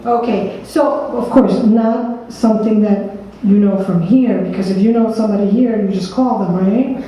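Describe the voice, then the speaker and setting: A woman's voice: mid-range voice, moderate pace, a crowd in the background. A woman from New Jersey with a New Jersey accent, presenting a workshop seminar and quizzing her audience by name. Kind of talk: interactive seminar talk. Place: meeting room with an audience. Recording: echoey room from a distance.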